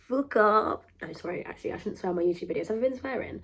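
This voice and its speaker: A woman's voice: medium pitch, expressive, quick pace, few pauses, slightly rough. A young woman hosting a podcast, talking in a rambling, emphatic, self-interrupting way. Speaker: podcast host. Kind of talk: casual monologue to camera.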